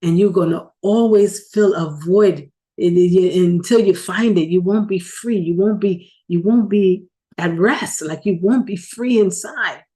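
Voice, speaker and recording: A woman's voice: mid-range voice, measured pace, warm tone. A woman talking earnestly and emotionally in a casual vlog recorded in her car. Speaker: video host.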